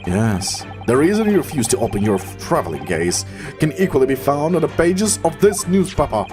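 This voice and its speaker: A man with a Russian accent reading the lines of a pompous, eccentric male detective in a theatrical, drawn-out way, with game music behind. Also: a little high, very animated. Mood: grandiose.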